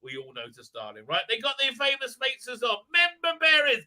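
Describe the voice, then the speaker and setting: A man's voice: extremely high pitch, wildly swooping pitch, a little fast, bright, forceful tone. A man giving a casual, rambling and sarcastic spoken review of a TV episode, full of "uh" fillers and restarts. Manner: mocking put-on voices for characters. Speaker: video reviewer.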